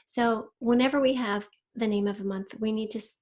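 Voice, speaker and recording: Woman teacher, slightly high voice, patient and methodical in a recorded kids' spelling lesson, drawing out each target word. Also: steady tone, a little fast, a little mellow. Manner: patient, step-by-step, stretches out target words. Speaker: third grade teacher.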